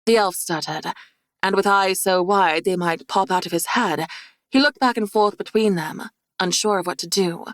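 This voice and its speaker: This audiobook narrator has a mid-range voice and reads fantasy in an even, measured way. The recording is clean studio sound without any echo.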